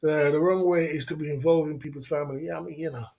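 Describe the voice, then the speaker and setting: A man's voice: a little high, fairly even intonation, quick pace, creaky, a little mellow. A man hosting a casual livestream, rambling and repeating himself in streetwise slang while answering viewers. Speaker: livestream host. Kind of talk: casual livestream chat reading viewer comments.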